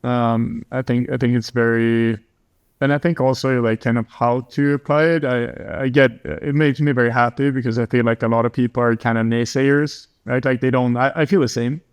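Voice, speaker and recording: Smooth-voiced male podcast host. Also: mid-range voice, steady tone, moderate pace. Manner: rambling, hesitant, many fillers. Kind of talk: casual interview chat.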